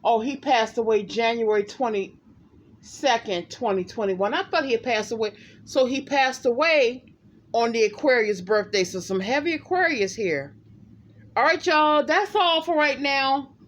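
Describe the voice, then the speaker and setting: A woman's voice: fairly high pitch, a little slow, slight background noise. A woman psychic reader talking casually and emphatically to her viewers in a vlog, often addressing them directly. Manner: emphatic, animated, talks to viewers as "y'all".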